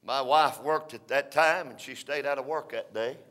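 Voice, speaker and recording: An older man preaching a folksy storytelling sermon, rising to shouts between drawn-out "uh" phrases. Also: mid-range voice.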